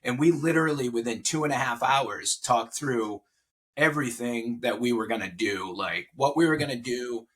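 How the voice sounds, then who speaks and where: A man's voice: mid-range voice, normal speed, a bit bright, slightly rough. A man in his forties, a podcast guest, telling a personal story in casual conversation and getting emotional. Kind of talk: casual interview chat.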